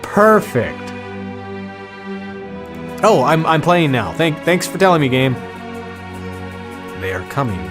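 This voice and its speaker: A man's voice: a little high, big pitch swings, slow pace, pauses often, music in the background. A man casually commenting on a game as he plays, tossing out jokes and asides. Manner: joking asides, laughs at himself. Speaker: gamer playing and reacting to a game. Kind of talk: let's-play commentary.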